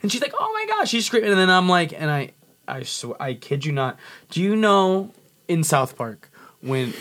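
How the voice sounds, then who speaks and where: A man's voice: fairly high pitch, expressive, moderate pace, fairly bright tone. A man with a Californian accent telling a story in casual chat, frantic and swearing, acting out the people in it. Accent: Californian English. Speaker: podcast guest.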